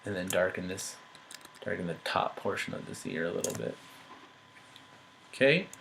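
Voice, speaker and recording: A man giving an art critique, talking through changes thoughtfully with many pauses, fillers and restarts. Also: low-pitched, huge pitch swings, creaky, fairly bright tone, a little hiss or hum, poor audio. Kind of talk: painting critique while editing on screen.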